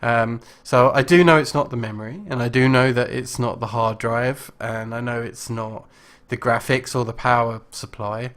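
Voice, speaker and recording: A man hosting a live game stream, chatting casually and rambling with many pauses and restarts. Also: medium pitch, steady tone, a bit bright. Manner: rambling, lots of ums and restarts.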